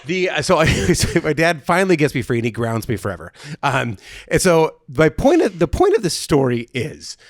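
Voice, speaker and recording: A man hosting a podcast, telling a self-mocking story in a casual, animated way. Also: on the high side, moderate pace, no echo. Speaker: podcast host.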